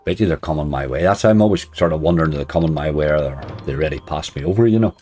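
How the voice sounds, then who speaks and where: A man's voice: very deep voice, very fast, faint music behind. A man chatting casually on a live stream, greeting viewers and joking wryly while he plays. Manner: wry, laughs softly at his own remarks.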